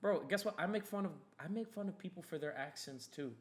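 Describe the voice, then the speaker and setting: A man's voice: high-pitched, fairly quick, a little hiss or hum. A young man hosting a casual podcast, ranting in a heated, profane, rambling way. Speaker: podcast host.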